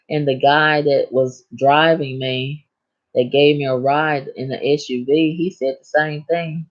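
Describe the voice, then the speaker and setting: A woman's voice: extremely low pitch, a little mellow, dull audio. A woman chatting frankly on a casual livestream, laughing at her own stories. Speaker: livestream host.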